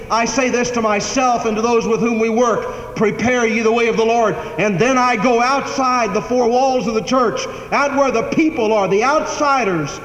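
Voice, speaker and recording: High-voiced preacher in an echoing church. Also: male voice, lo-fi sound. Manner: preacherly, repetitive cadence, rising to emphatic declarations. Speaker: pastor. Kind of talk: sermon. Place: church sanctuary. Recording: echoey hall, faint background hiss.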